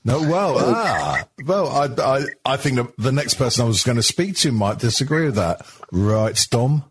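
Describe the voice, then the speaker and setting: A man's voice: mid-range voice, moderate pace, husky. A man hosting a casual podcast chat over a video call, teasing and joking with his guests. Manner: jokey, teasing, lively banter. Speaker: podcast host. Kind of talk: casual chat among friends.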